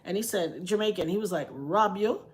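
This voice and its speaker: A woman's voice: mid-range voice, brisk. A middle-aged woman telling a personal story in a heartfelt, conversational way, often repeating lines for emphasis. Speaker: interviewee.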